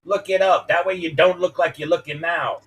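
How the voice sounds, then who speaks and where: A man's voice: on the high side, fairly even intonation, a little fast, fairly bright tone. A man ranting heatedly on a live stream, profane and preachy, with a wrestling-promo delivery. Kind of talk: heated casual rant.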